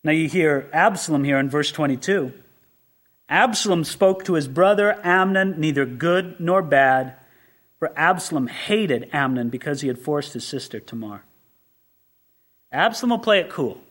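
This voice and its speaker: A man preaching a sermon as pastor, animated and full of rhetorical questions, swelling to emphatic peaks. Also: on the high side, moderate pace. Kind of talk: expository sermon.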